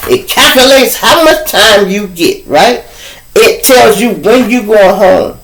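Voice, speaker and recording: Animated man telling stories. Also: high-pitched, slow, poor audio. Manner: loose, profane, animated storytelling. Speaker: host. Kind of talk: casual storytelling monologue.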